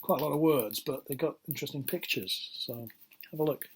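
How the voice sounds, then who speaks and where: A man's voice: on the high side, fairly quick, noisy background. A man, a teacher talking through a casual recorded lesson in a chatty, rambling, playful way and correcting himself as he goes. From England. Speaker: English teacher.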